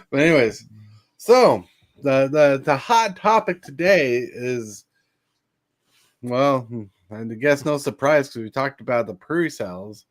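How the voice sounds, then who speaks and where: A man's voice: mid-range voice, expressive, slow pace. A man hosting a casual chat show, rambling with lots of fillers and frequent laughter. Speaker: podcast host.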